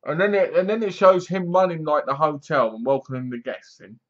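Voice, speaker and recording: A man's voice: a little high, fairly even intonation, fairly quick, a bit bright. A man giving a casual, rambling movie review in a frank way, sometimes stumbling over words. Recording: slightly dull lo-fi recording.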